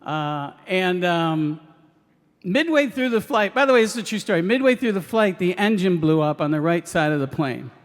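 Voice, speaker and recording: On a live radio stage in front of an audience, a stand-up comedian tells a story with a high-pitched, lively voice at a moderate pace. He hesitates, fills his lines with ums, and laughs as he goes, and the sound carries the feel of a big room.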